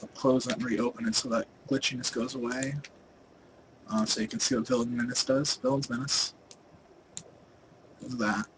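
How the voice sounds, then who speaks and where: A man's voice: medium pitch, steady tone, moderate pace, long pauses, background noise. A young man casually talking through a game guide over his screen, rambling with lots of fillers and restarts, his volume rising and falling. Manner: volume rises and falls a lot. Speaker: gaming video host.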